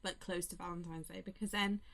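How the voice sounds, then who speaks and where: A woman co-hosting a podcast in casual chat, laughing often and teasing the others with quick interjections. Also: lowish voice, fairly even intonation, a bit bright, no room sound. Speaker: podcast co-host.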